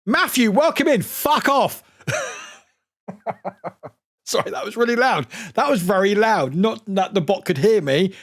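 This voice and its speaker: A man streaming a game from home, his voice swinging widely in pitch as he gets excited. He swears freely and keeps chatting back to viewers between moves. The sound is dry and close, with no room echo. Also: normal speed. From United Kingdom. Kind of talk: casual live game-stream chat.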